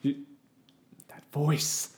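A man's voice: drawn-out words, darkish tone. A man playing a husband who scolds his wife in an exasperated way.

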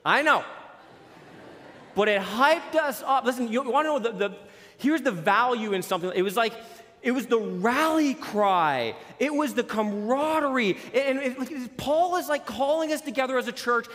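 Male pastor, 40s, high voice, animated storyteller; sermon in a big hall with long reverb. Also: normal speed. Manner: animated, storytelling with jokes and sports analogies. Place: church sanctuary.

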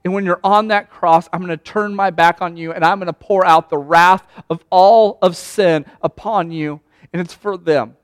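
Guy voicing god as a loving father, soft solemn and quiet, smooth voice. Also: sits high, steady tone, moderate pace, hardly any pauses, dry recording, clean studio sound, lightly acted.

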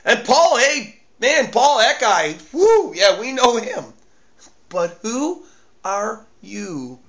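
Figure: a cocky male demon, boasting in loose slang, as a preacher puts him on. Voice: high-pitched and bright. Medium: sermon retelling. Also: big pitch swings, takes it slowly, heavily acted. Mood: boastful. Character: cocky male demon bragging about knowing Jesus.

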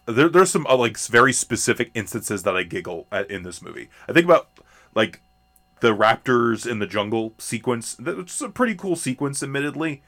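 Animated rambling man, lively pitch. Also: brisk. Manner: rambling, animated, many fillers and restarts. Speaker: podcast co-host. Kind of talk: casual movie discussion.

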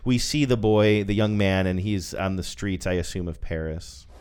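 A man's voice: low-pitched, normal speed, background noise. A man co-hosting a podcast in casual chat, thinking aloud with frequent fillers and restarts. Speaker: podcast co-host.

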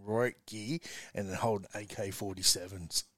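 A man's voice: lowish voice, normal speed, no room sound. A man from Western Sydney with an Australian accent, a rugby league coach telling stories in a casual interview and calling everyone "mate". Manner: chatty, says "mate" constantly, animated storyteller.

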